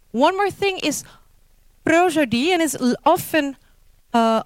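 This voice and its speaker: A woman with a Dutch accent speaks slowly and carefully, explaining linguistics in English in a fairly high voice. She pauses often, filling gaps with ums and correcting herself mid-phrase. The sound is dry and close. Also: no room sound. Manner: slow, hesitant, many fillers and self-corrections. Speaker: lecturer. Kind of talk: informal talk on linguistics.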